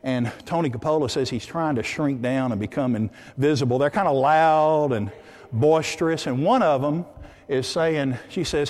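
A man preaching a sermon and telling a story in a lively way, acting out the voices of the people in it. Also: a little high, normal speed, long reverb tail.

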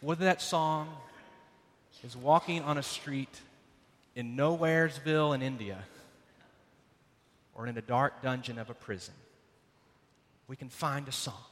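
A man preaching a sermon, telling a dramatic personal story with loud bursts and hushed passages. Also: mid-range voice, a little slow, pauses often. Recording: long hall reverb.

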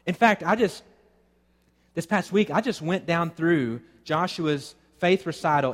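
Male pastor, sermon, fairly high voice, long hall reverb, emphatic repeated questions. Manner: rhetorical questions, emphatic repetition.

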